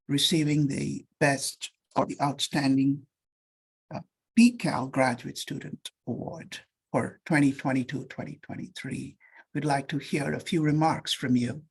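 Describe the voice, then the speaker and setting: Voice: medium pitch, vocal fry, slightly rough. An emcee presenting awards at a formal reception, courteously thanking people and reading nomination text aloud. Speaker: ceremony emcee.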